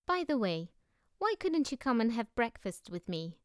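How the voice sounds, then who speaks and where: A woman voicing a bold, boastful young girl who tells tall tales, loud and cheerful. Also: fairly high pitch, sing-song, normal speed, smooth, dry recording, studio quality.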